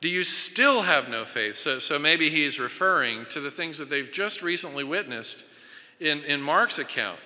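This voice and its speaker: A man preaches with an earnest, searching manner, circling back over his phrases as he builds a point. His voice is bright and ringing, a little higher than most men's. It rings out through a large hall with a long, trailing reverb. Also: lively intonation, normal speed. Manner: earnest preaching with frequent repetitions and restarts. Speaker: pastor. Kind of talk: sermon.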